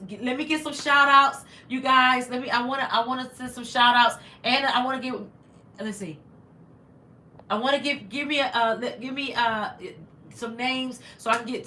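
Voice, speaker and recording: A woman with a slightly high, sharp voice hosts a casual livestream in an echoey room. A bit congested, she reads through viewer comments, thanking them again and again.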